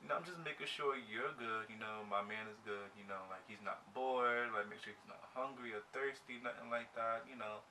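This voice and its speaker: Animated young man telling a storytime. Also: medium pitch, fairly quick, few pauses, recorded from a distance, a little hiss or hum. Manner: animated, slangy, acts out his own reactions. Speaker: vlogger. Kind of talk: storytime while getting ready.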